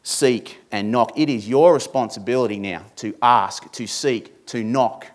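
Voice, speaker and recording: A man's voice: mid-range voice, unhurried. Emphatic male preacher. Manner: emphatic, repeats key words, rhetorical questions. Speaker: pastor. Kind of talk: sermon.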